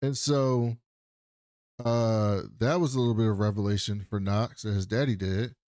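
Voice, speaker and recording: A man's voice: on the low side, moderate pace, no echo, clean studio sound. A man co-hosting a podcast, casually recapping a TV episode and acting out the characters' lines. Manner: animated retelling, acting out characters' lines with swearing. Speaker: podcast co-host.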